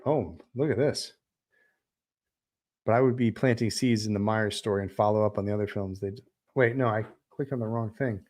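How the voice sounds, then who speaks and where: A middle-aged man with a lowish voice hosts a casual livestream and answers viewer questions as they come in. He rambles with a steady stream of ums and restarts, trailing off and picking back up. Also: fairly quick. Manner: rambling, many fillers and restarts. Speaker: film director hosting a livestream Q&A.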